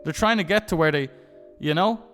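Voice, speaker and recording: A man's voice: a little high, fairly quick, a bit bright, faint music behind. A young man live-streaming, telling rambling, profane stories in casual chat and often restarting his sentences.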